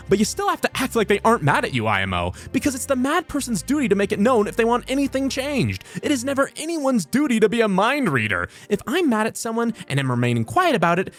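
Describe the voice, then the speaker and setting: Man, comedic narration, high voice, wildly animated, sudden voice shifts, faint music behind. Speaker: voice actor reading posts.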